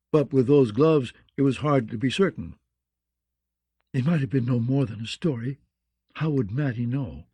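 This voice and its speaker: Mellow-voiced male audiobook narrator. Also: medium pitch, husky, dry recording. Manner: measured, descriptive storytelling. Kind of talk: scripted fantasy narration.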